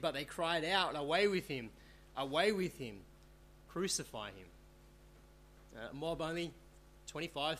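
A man's voice: fairly high pitch, sharp tone. A man preaching a Bible sermon, reading verses aloud and asking rhetorical questions. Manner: earnest, rhetorical tag questions. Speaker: pastor. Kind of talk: expository sermon.

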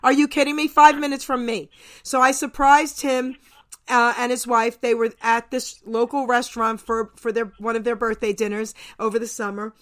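A woman's voice: a little high, little pitch movement, moderate pace, fairly bright tone. A woman from New Jersey hosting a radio chat show, gushing and effusive. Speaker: radio host.

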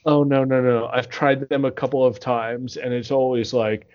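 A man's voice: mid-range voice, normal speed, few pauses. Swearing podcast guy, dull lo-fi sound. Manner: swearing, animated storytelling. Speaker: podcast co-host. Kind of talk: casual chat.

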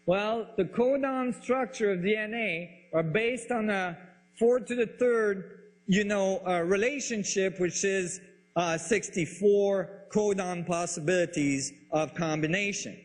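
A man explaining science ideas in a lecture style, halting and searching for words, with frequent restarts. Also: high voice. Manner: enthusiastic about the ideas. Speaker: speaker on physics and biology.

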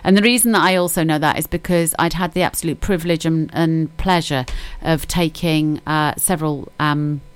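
A woman's voice: low-pitched, fairly even intonation, normal speed, hardly any pauses, clear, resonant tone, no room sound. A middle-aged woman hosting a radio chat show, chatty and giggly, often repeating her words. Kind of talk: casual chat.

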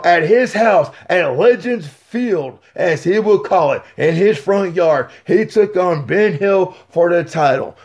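Boisterous, high-voiced storytelling man. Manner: boisterous, profane, animated storyteller. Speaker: guest. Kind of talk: casual podcast storytelling.

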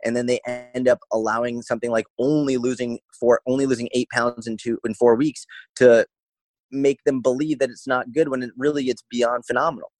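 A man's voice: medium pitch, steady tone, brisk, a little mellow, dry recording. A man who works as a fitness coach, talking on a podcast in a blunt, profane way and firing off rhetorical questions. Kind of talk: podcast conversation.

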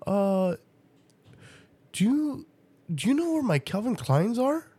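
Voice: very animated, slow, warm tone, breathy edge, full character voice. A man putting on the voice of a whiny young man who pleads and begs for a pair of shoes. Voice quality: high and pleading.

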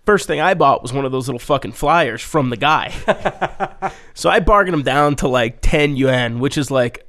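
A man with a mid-pitched, everyday voice, chatting loosely on a podcast. He rambles through stories with fillers and casual swearing. He slips into high, singsong voices when he quotes people. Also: normal speed, a bit bright. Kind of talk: casual chat, telling travel stories.

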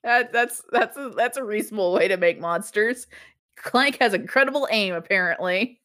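A woman's voice: mid-range voice, normal speed, sharp tone. Rambling woman in casual chat. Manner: rambling, lots of "like", laughs often. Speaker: podcast co-host. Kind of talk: casual chat reviewing a TV show.

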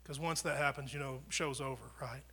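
A pastor preaching a conversational sermon, swinging from loud proclamation down to near whispers, often repeating and restarting words. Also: male voice, mid-range voice, steady tone, brisk, slightly rough. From United States.

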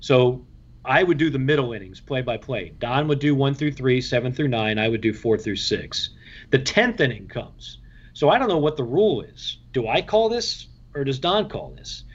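A man, a baseball radio play-by-play broadcaster, telling anecdotes in an interview in a lively way, acting out the voices of others and often restarting his sentences. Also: medium pitch, normal speed, breathy edge, highs cut off. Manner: lively, acts out quoted voices, frequent restarts.

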